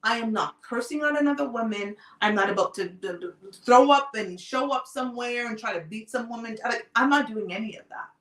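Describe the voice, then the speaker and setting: Woman host, calm and measured storytelling, roomy sound a little away from the mic. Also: a little high, distant mic. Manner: calm, deliberate personal storytelling. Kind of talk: live talk show monologue.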